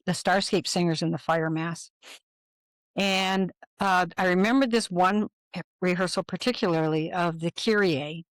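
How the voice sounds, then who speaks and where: A woman's voice: lowish voice, dry recording. An older woman, a podcast guest, telling a personal story and acting out the dialogue she quotes.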